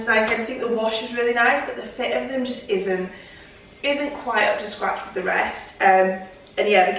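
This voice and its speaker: A woman's voice: mid-range voice, fairly bright tone. A young woman chatting casually in a try-on vlog, repeating "really" for emphasis. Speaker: fashion vlogger. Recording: roomy and distant with faint noise.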